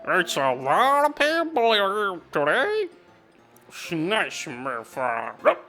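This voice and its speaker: A man voicing a drunk townsman in a game, with a slurred, drawn-out delivery, high and set back from the mic. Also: wildly swooping pitch, bright, forceful tone, faint music behind, exaggerated voice. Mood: woozy.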